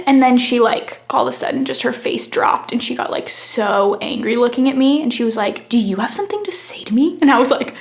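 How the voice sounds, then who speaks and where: A young woman co-hosting a student podcast in a campus studio tells a long, rambling story in casual chat, full of fillers. Her voice is on the high side and gravelly, animated and a little fast, with hardly any pauses.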